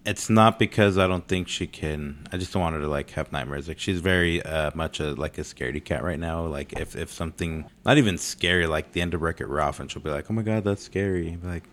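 A young man with a very low, deep voice talks loosely in a casual chat. He swears often and strings his thoughts together with lots of filler words. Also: fairly even intonation, fairly quick, hardly any pauses, a bit bright.

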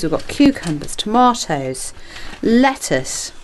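A woman's voice: low-pitched, sing-song, moderate pace, a little hiss or hum. Chatty woman in her garden. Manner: chatty, self-mocking, rambling with playful asides. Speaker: gardening podcast host. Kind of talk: casual gardening podcast chat. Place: garden and small greenhouse, outdoors.

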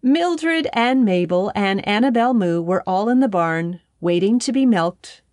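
A woman narrating a children's storybook in a gentle, unhurried way. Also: medium pitch, expressive, no echo, studio quality.

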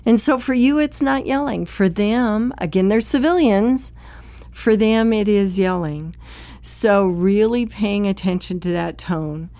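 A woman's voice: medium pitch, unhurried, mellow, no echo. A direct, plain-spoken woman teaches first responders about communication at home. She talks in a conversational way and briefly acts out quoted exchanges. The recording is dry and close, with almost no room sound.

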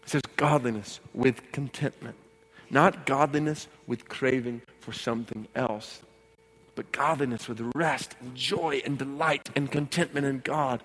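A man preaching as a pastor, swinging from hushed, earnest passages to loud, ringing exhortation and repeating key words for emphasis. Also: medium pitch, fairly even intonation, measured pace, slightly rough. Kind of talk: sermon. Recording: long hall reverb.

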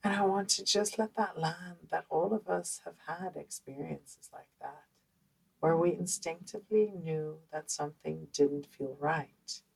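Dutch-accented woman podcast host, low husky voice, animated chatty storyteller. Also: unhurried, poor audio. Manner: animated, conversational, many fillers. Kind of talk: personal storytelling monologue.

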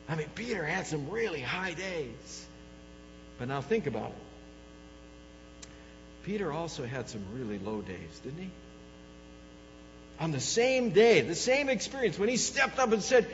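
A man preaching a sermon, telling stories with animation and swinging from loud exclamations to hushed lows. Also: big pitch swings, unhurried, long pauses. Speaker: pastor. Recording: dull reverberant hall with mains hum.

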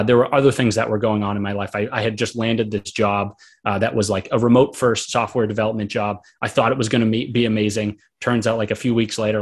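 A young man with a husky, somewhat low voice tells a personal story with open, earnest candor. He rambles along, leaning on fillers as he works through his thoughts. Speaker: author and guest.

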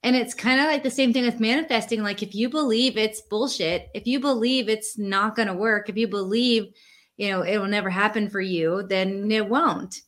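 A woman's voice: mid-range voice, moderate pace, a bit bright. A woman hosting a podcast, asking curious, prompting questions in a casual chat. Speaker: podcast host. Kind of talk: casual interview.

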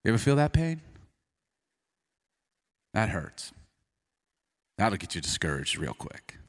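A man preaching a sermon, telling the story with animation and dropping to quiet intensity. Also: on the low side, sing-song, slow.

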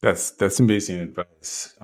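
A man's voice: low voice, steady tone, measured pace, darkish tone. A man hosting an interview, asking long, searching questions full of hedges. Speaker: podcast host. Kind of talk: casual podcast interview.

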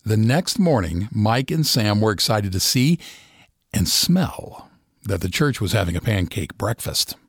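Gravelly, husky male news narrator. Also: fairly low pitch, big pitch swings, unhurried, no echo, studio quality.

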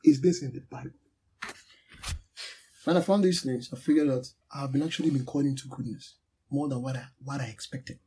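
A man's voice: medium pitch, brisk, pauses often, dark tone, slight background noise, low-quality recording. A man preaching a sermon, teaching with emphatic repetition and call-and-response with his listeners.

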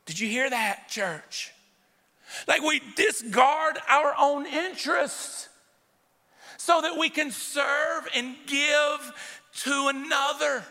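A male preacher delivers an emphatic sermon, calling out to the congregation again and again. His voice sits high and carries a gravelly edge. It rings with long reverb through the sanctuary. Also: slow pace, pushed and bright. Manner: emphatic, direct calls to the congregation. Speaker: pastor. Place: church sanctuary with a live congregation. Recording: long church hall reverb.

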